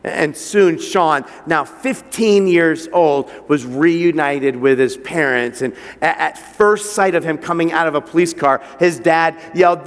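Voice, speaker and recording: Male pastor, sermon, fairly high-pitched, stutters on repeats, long reverb of a church hall. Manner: storytelling with repeated word restarts, rising to emphatic passages.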